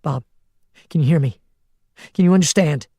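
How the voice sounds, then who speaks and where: A man voicing a desperate, foul-mouthed young woman who shouts and pleads in an audiobook. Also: on the high side, moderate pace, dry recording, clean studio sound. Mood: urgent, scared.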